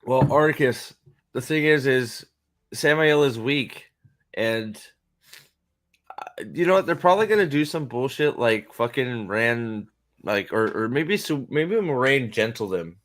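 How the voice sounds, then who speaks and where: Dude ranting through a reaction stream, sarcastic and sweary, mid-pitched voice. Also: male voice, lively intonation, unhurried. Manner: rambling, profane and sarcastic, frequent restarts. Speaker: host. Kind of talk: casual reaction commentary.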